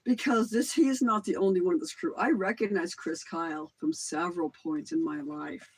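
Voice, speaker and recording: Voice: medium pitch, moderate pace, slightly rough, rough recording. A middle-aged livestream host in a casual monologue, rambling between claims and swearing casually.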